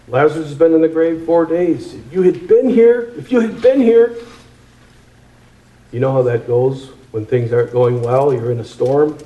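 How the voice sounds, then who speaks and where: A man preaching a sermon, emphatic and repeating phrases, slowing down on key words. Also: on the high side, roomy sound, lo-fi sound.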